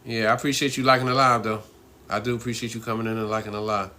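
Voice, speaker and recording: A man's voice: lowish voice, flat delivery, fast, sharp tone. A middle-aged man hosting a casual live stream, talking in a loose, rambling way, laughing often and asking "you know what I mean?".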